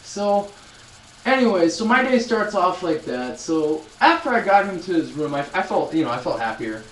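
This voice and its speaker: A man's voice: high voice, big pitch swings, moderate pace, fairly bright tone, echoey room, far from the mic, a little hiss or hum, poor audio. A man in his twenties chatting casually on a live stream, telling a rambling story with many restarts and addressing viewers. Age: 20s. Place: loud room.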